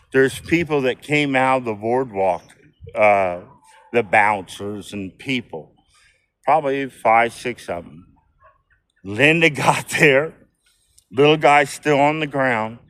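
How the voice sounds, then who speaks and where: An older man in his sixties spins a barroom yarn, cursing freely and chuckling as he goes. His voice sits at an ordinary middle pitch, and the telling is loose and rambling. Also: fairly bright tone, no room sound. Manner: profane, rambling, laughing as he talks. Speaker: storyteller. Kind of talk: casual storytelling.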